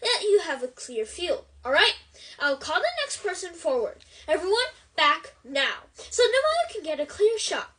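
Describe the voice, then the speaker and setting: A kindly male wizard teacher speaks in a calm, steady, instructive way, as a woman reading a storybook puts him on. His voice sits high and moves with a lively lilt. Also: moderate pace, full character voice. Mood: coaxing.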